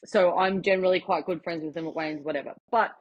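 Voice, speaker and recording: Speaking fast in a lowish, steady voice, this young Australian woman, a professional MMA fighter, spins stories as a podcast guest, laughing and using many fillers. The podcast sound is a bit muffled, with slight background noise.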